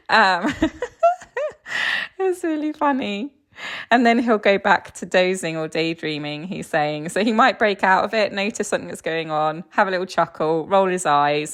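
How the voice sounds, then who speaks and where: Chatty, gravelly woman communicator. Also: on the low side, fairly bright tone. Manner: chatty, filler-heavy, laughs often. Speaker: animal communicator. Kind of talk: casual spoken reading.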